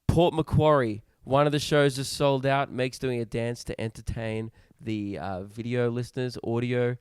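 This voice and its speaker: A man's voice: mid-range voice, fairly even intonation, a little mellow, clean tone, no echo, clean studio sound. Australian man, young, podcast co-host, jokey chatter, resonant voice. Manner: chatty, joking, brisk self-promotion. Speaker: podcast co-host, touring comedian. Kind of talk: casual podcast chat.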